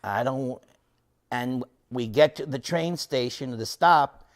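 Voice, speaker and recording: Man, 60s, unhurried lecture storyteller who shifts between loud and soft. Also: medium pitch. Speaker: devotee lecturer.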